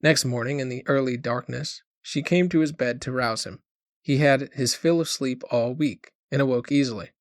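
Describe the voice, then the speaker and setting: A man's voice: mid-range voice, normal speed, no room sound. Man narrating an audiobook, dry and close. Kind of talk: scripted narration.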